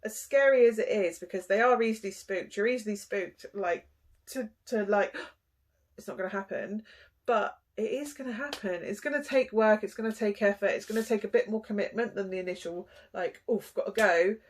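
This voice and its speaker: A young woman giving a casual tarot reading, chatty and animated, with frequent sighs and small gasps. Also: medium pitch, a little fast. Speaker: tarot reader.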